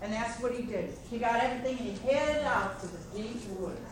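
High-voiced woman telling a folk tale. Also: brisk. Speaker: storyteller. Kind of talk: tandem folk storytelling. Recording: echoey distant live recording with noise.

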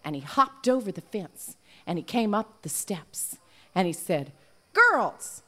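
A woman telling a folk tale aloud to a live audience in an animated, folksy way. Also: fairly low pitch, measured pace. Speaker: storyteller. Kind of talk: live oral storytelling.

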